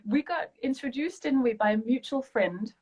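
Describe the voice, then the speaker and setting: A woman's voice: high-pitched, moderate pace, a little mellow. Woman, interview host, video call, encouraging, agreeable. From Denmark. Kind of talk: casual online interview.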